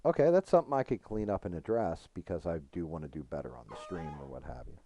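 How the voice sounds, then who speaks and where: A man's voice: low-pitched, animated, fast talker. A middle-aged man streaming a game, talking frankly and rambling, with plenty of profanity. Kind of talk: casual gaming stream chat.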